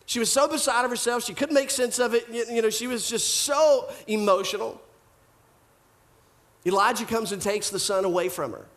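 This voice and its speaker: A male pastor preaching a sermon in an animated style, full of rhetorical questions and repeated phrases. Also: very high-pitched, normal speed.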